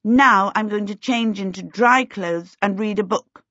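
A woman's voice: medium pitch, measured pace, a bit bright, no room sound, highs cut off. A woman doing a grumpy bossy young girl. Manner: snappish, bossy.

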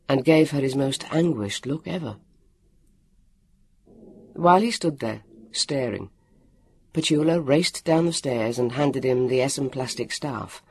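A man reading a storybook aloud, with a lively, expressive delivery and acted voices. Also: mid-range voice, creaky, husky, dry recording. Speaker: audiobook narrator. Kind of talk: storybook narration.

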